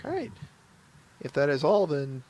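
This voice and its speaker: A man's voice: a little high, big pitch swings, unhurried, a crowd in the background. A man with a Minnesotan accent hosting a casual live-stream podcast, chatty and laughing, often restarting his sentences. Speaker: podcast host.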